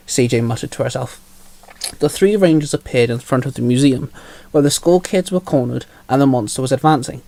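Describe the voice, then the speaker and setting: Guy reading his fanfic aloud, normal pitch, dry sound, few stumbles. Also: brisk, mellow, no room sound. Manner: plain storytelling with small slips. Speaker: narrator and author.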